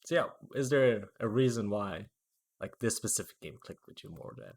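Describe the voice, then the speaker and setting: A man's voice: on the low side, normal speed, a little mellow. A man hosting a casual podcast, talking eagerly and asking his guests questions. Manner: eager, talkative, asks questions. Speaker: podcast host. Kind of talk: casual chat.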